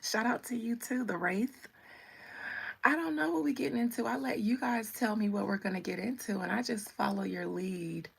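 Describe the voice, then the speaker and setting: A woman's voice: on the high side, moderate pace, vocal fry, slightly rough. A woman doing a live-stream tarot session, reading out viewer comments in a sassy, playful, teasing way.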